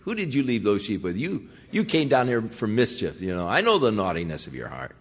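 A man preaching a sermon, voicing an angry older brother who scolds his little brother in a low, brisk voice. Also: wildly swooping pitch, breathy edge, exaggerated voice. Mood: scolding.

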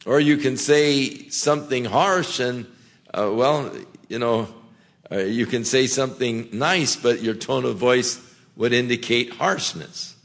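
A man preaching a sermon in a slow, gentle way, with frequent small restarts. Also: medium pitch. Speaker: pastor.

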